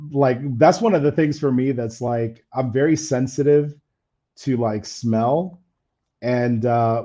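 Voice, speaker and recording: Male stream host, easygoing and candid, slightly faded mellow voice, dull audio. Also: mid-range voice. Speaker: camera-gear channel host. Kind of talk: casual live stream chat.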